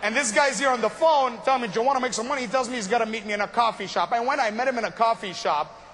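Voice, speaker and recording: A man's voice: very high-pitched, fast talker, fairly bright tone, a little hiss or hum. A young man from Montreal, telling a story about his start in business in a casual, joking way. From Montreal, Canada. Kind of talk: motivational storytelling talk.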